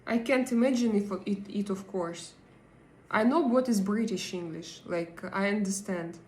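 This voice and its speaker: A woman hosting a live stream and chatting with viewers, hesitant and pausing often as she searches for her English words. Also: medium pitch, a little mellow, roomy sound, rough recording. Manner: hesitant, many pauses and fillers while searching for English words. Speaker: livestream host. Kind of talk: casual live chat, answering viewer comments.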